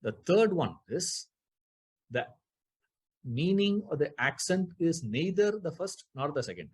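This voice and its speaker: A man's voice: on the high side, big pitch swings, measured pace, darkish tone, slightly rough. A man teaching a scripture class, explaining Sanskrit grammar, repeating key terms and putting rhetorical questions to his listeners.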